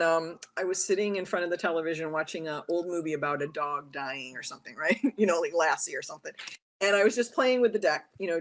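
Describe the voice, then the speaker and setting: Talkative tarot reader lady, kinda low voice, chatty interview guest who does all the voices in her stories. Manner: talkative, animated storyteller who acts out quotes. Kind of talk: casual interview chat.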